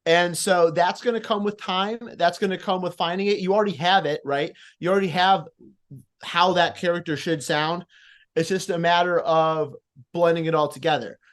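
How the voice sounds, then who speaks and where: A man judging a competition on a live panel, giving casual, encouraging feedback and thinking aloud with fillers over a video call. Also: sits high. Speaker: promo competition judge.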